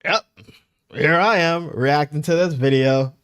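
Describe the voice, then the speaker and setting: A man's voice: fairly high pitch, a little slow, clear, resonant tone, no echo. A man casually commenting on a video he is reacting to, joking and mocking with put-on whiny voices. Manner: animated, mocking voices for imagined streamers. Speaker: reaction streamer.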